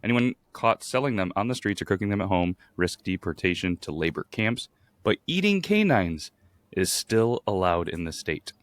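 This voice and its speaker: Deep voiced guy on a podcast, dry close sound, chuckling and tripping over words. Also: moderate pace, few pauses, no room sound. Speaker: podcast co-host. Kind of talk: casual chat, reading news aloud.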